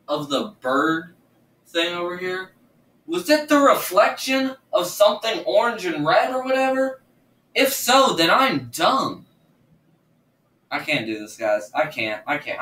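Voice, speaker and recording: A man's voice: fairly high pitch, sharp tone. A man doing casual reaction commentary at home, nervous and stammering, repeating himself. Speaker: gaming YouTuber reacting to videos. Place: room at home. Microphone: laptop or earbuds mic. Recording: roomy, distant from the mic.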